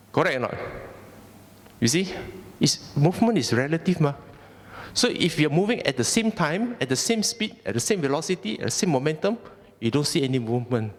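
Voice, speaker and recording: A man's voice: fairly high pitch, animated, a little fast. A Malaysian man giving a conversational Buddhist Dhamma talk, often asking the audience questions. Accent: Malaysian English. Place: temple hall. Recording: long hall reverb.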